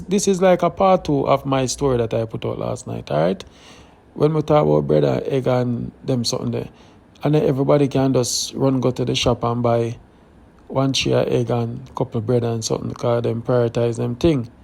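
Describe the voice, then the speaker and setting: A man's voice: mid-range voice, creaky, a little mellow. A man with a Jamaican accent hosting a live stream, talking earnestly and directly to his viewers, thinking aloud. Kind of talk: casual live stream talk.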